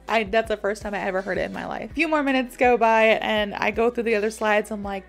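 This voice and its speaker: A young American woman from Florida, an English teacher telling a casual story to teach an idiom, animated and laughing often as she acts out the people in it. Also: medium pitch, a little fast, vocal fry, faint music behind. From Florida, USA.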